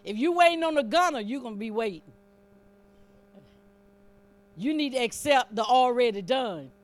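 High-voiced woman preaching with fervor. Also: lively intonation, normal speed. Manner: fervent, conversational preaching that builds in emphasis; teasing asides to the congregation. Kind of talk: sermon.

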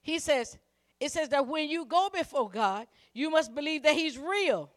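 A woman's voice: high-pitched, lively intonation, moderate pace. A woman preacher delivering a sermon, emphatic and repetitive, calling on the congregation to repeat after her. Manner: emphatic, repeats phrases, calls on the congregation to respond.

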